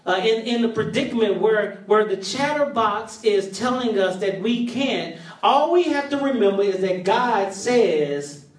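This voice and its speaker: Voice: medium pitch, lively intonation, measured pace. Preacher building a sermon in a roomy sanctuary. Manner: repetitive, building call-and-response preaching. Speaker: pastor. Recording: roomy, heard from a distance.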